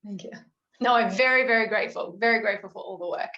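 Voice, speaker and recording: A woman's voice: mid-range voice, fast talker, muffled recording. Upbeat woman guest in an echoey room. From Australia. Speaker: actress guest. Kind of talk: casual interview chat.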